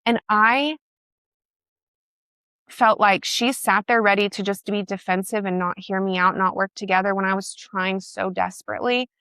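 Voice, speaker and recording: A woman's voice: medium pitch, steady tone, moderate pace, fairly bright tone, no echo. A woman telling a personal story in a conversation, emphatic and emotional, blunt and swearing. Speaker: guest.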